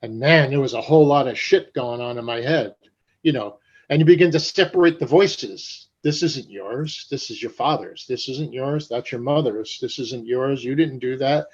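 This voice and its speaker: An older man from New Jersey telling stories in an interview, animated and profane, acting out the voices of people he quotes. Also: mid-range voice, moderate pace, slightly rough. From Paterson, New Jersey. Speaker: guest. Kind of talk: storytelling interview. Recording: dull lo-fi sound.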